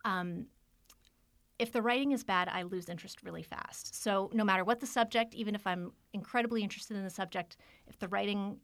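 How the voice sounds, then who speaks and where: A woman's voice: mid-range voice, brisk, a bit bright, dry recording. A woman co-hosting a casual book discussion, chatty and self-deprecating, laughing often. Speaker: podcast co-host.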